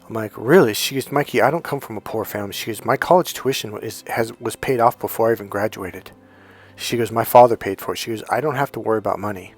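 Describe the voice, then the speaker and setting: A man's voice: lowish voice, fast talker, slightly rough. A middle-aged man talking as a dating coach in a casual, rambling monologue, retelling old conversations in quotes.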